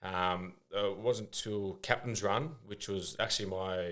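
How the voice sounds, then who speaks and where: Young Aussie man as podcast guest, lower-pitched voice, chatty and meandering with lots of ums and restarts. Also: steady tone, normal speed, fairly bright tone. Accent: Australian. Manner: rambling storyteller, lots of fillers and restarts. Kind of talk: casual interview chat.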